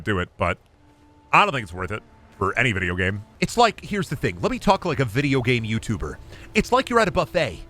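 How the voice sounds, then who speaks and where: Animated young male gaming streamer. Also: mid-range voice. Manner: goofy, animated, jumps into bits and voices. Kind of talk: casual live-stream commentary.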